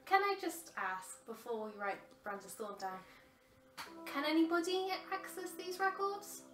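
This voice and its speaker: A woman playing a tabletop role-playing game, asking questions quickly, recorded in a roomy space with music clearly behind. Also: very high voice, big pitch swings, far from the mic. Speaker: player.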